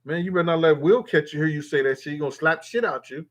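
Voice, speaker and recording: A man's voice: fairly high pitch, fast. A man hosting a live stream, reading viewers' comments aloud and answering them in a loose, profane, rambling way. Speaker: livestream host reading chat. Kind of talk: casual live-stream chat.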